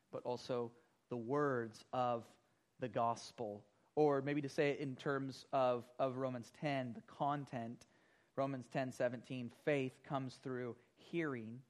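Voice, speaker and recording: A man pastor teaching a Bible class, earnest and explanatory, often repeating words as he explains. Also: mid-range voice.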